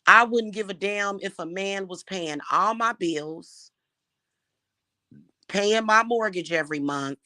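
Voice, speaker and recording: A woman's voice: medium pitch, takes it slowly, pushed and bright, no room sound, studio quality. A woman giving blunt love advice in a casual monologue, emphatic and swearing freely.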